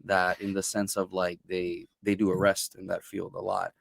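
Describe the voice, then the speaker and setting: Podcast host guy rambling along, gravelly low voice, dry mic. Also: moderate pace, no echo. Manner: rambling, restarts often, animated when amused. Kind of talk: casual chat.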